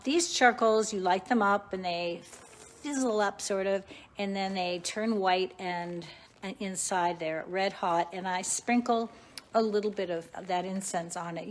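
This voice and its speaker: A woman with a mid-range voice strolls through her small shop, leisurely and chatty as she shows off the goods. She talks slowly and takes her time, pointing things out one after another. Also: mid-range voice. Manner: leisurely, chatty, warmly showing off items. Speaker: shop owner giving a store tour. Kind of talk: casual guided shop tour.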